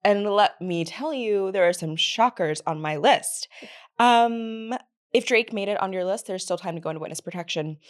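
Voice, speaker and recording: Brief: sardonic woman co-host, dry wit, mid pitch. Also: normal speed. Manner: wry, sardonic. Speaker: podcast co-host. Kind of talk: casual pop culture chat.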